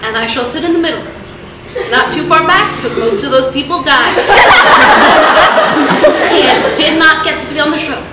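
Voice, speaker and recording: A woman's voice: high voice, moderate pace, long pauses, recorded from a distance. A teenage girl performing a confessional one-woman stage show, swinging between jokes and tearful apology. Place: theater stage. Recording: echoey theater with room noise.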